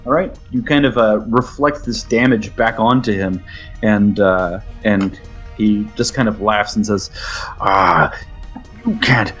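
A man's voice: lowish voice, fairly even intonation, measured pace. A man running a tabletop role-playing game as game master. He speaks casually and leans into dramatic narration, with faint music playing underneath.

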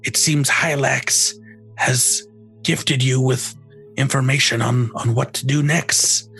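A man voicing a formal, earnest temple keeper who welcomes returning heroes, speaking with a slightly halting delivery. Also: medium pitch, steady tone, gravelly, a bit bright, soft background music, pitched above the performer's own voice, rough recording.

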